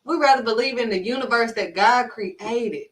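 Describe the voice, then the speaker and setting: A woman faith vlogger talks preachily into the camera, emphatic and blunt, scolding and repeating herself for emphasis. She has a slightly high, somewhat bright voice at normal speed, recorded somewhat distant from the mic.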